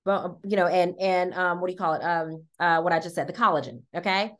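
A woman's voice: fairly low pitch, steady tone, brisk. A woman, giving an upbeat, chatty sales talk and often checking in with her listeners. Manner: chatty, upbeat, says "y'all" and "okay?" often. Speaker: wellness product presenter.

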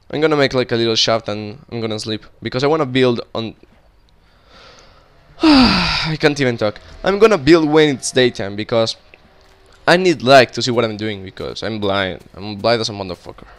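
Young man, gaming commentary, casual, swears a lot, smooth clear voice, mid pitch. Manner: casual, swears often, cries out in panic at monsters. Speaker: gaming YouTuber. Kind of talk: Minecraft let's play commentary.

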